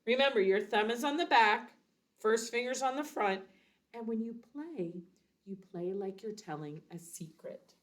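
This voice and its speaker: A woman's voice: a little high, normal speed. A woman teaching a beginners' recorder lesson, explaining each step patiently and counting out rhythms. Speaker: music teacher.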